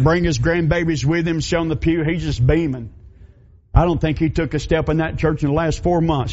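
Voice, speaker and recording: A man's voice: on the high side, darkish tone. A middle-aged man, a pastor preaching and telling a story in folksy, emphatic, repeating phrases. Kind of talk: sermon storytelling. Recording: dull lo-fi recording.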